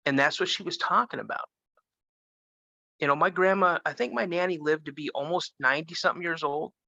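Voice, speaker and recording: Bright-voiced man in his fifties telling a story. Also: fairly high pitch, brisk, creaky, no echo, dull audio. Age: 50s. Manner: animated, with frequent restarts. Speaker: guest. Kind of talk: first-person storytelling.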